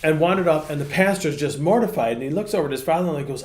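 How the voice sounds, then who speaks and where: A man, a pastor co-hosting a casual ministry podcast, telling folksy stories with animated asides. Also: fairly high pitch, rapid-fire, roomy sound. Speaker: pastor, co-host.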